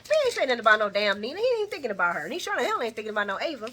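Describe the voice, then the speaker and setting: A woman talks through a soap opera recap in a casual, animated way, laughing often and breaking into dramatic exclamations. Her voice sits fairly high and sounds bright and sharp. Her pitch swings widely. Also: racing, a little hiss or hum.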